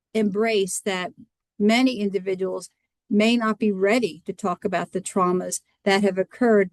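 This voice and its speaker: Woman doctor presenting, earnest and measured, dry close sound, video call. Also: medium pitch, a little mellow, no echo. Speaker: physician giving a lecture.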